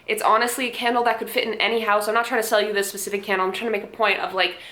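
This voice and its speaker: A woman's voice: mid-range voice, level tone, very fast, pushed and bright. A young woman vlogger giving blunt, sarcastic commentary, swearing and laughing often. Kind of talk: casual commentary. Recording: echoey room.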